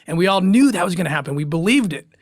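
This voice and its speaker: A man, a former special agent, telling a personal story as a guest in an interview, earnest and emotional, with pauses and restarts. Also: sits high, lively intonation, no echo, studio quality.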